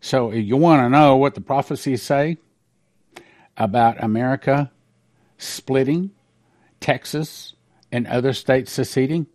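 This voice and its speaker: A man's voice: medium pitch, unhurried, pauses often, darkish tone. A man hosting a talk show, reading prophecies aloud and commenting on them in an emphatic, preachy way. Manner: emphatic, preachy, stresses key numbers.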